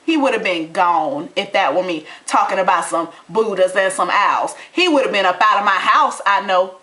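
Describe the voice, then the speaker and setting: A woman's voice: medium pitch, moderate pace. A young adult woman chats through a reality TV recap with real heat. She swings from indignant outbursts to loose, folksy asides, sounding a bit winded by the end. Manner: animated, indignant, folksy Southern US turns of phrase. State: out of breath. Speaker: TV recap vlogger. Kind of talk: casual recap chat.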